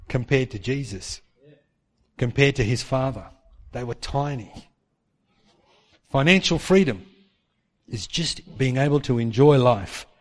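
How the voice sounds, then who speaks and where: A man preaching a sermon in an animated way, acting out the voices of people in his stories. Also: fairly high pitch. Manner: animated, acts out quoted voices. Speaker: pastor. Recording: long hall reverb.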